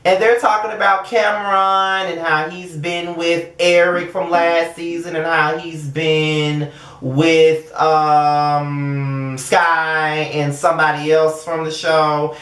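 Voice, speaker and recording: A young man giving a blunt, profane, animated casual commentary as a show reviewer. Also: fairly high pitch, slow, roomy sound.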